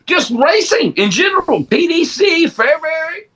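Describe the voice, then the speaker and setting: A man with a high, bright voice tells stories on a casual podcast. His pitch swings widely as he acts out both sides of a conversation. He bursts into shouts for the dramatic parts. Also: measured pace. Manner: animated storyteller, acts out quoted dialogue with shouts. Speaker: podcast co-host. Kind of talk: casual chat.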